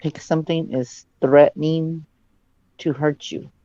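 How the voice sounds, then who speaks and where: A male psychic giving a dramatic live reading over a video call. He often drops into low, hushed asides. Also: fairly even intonation, unhurried, no echo, muffled recording.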